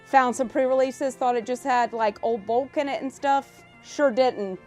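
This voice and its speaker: A live streamer from South Louisiana chats casually in her Louisiana accent, rambling, excitable, and quick to curse. Her voice is high, and faint music plays behind her.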